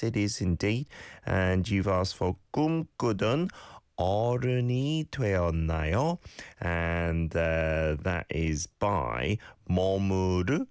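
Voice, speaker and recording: A low-voiced man with a British accent talks listeners through a language lesson on his radio show. His delivery swings up and down with lively intonation as he patiently repeats words. The sound is dry and close. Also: no echo. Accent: British English. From United Kingdom. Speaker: radio host teaching Korean. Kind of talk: casual radio talk with language teaching.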